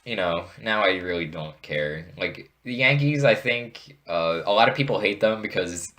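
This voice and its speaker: A man's voice: deep voice, expressive, moderate pace, fairly bright tone. A young adult man from the Philadelphia area, co-hosting a casual podcast with dry, teasing wisecracks. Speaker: podcast co-host. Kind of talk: casual chat.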